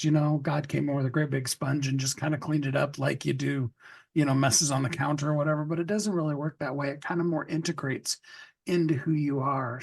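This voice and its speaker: A man hosting an interview podcast, relaxed and reflective as he asks his guest questions. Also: fairly high pitch. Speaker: podcast host. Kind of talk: casual interview talk.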